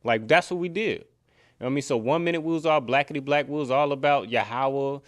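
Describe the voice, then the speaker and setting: A man's voice: mid-range voice, fast talker. A man teaching a scripture class, preaching conversationally and emphatically, often saying "you know what I mean". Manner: challenging, emphatic. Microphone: computer mic, screen sharing.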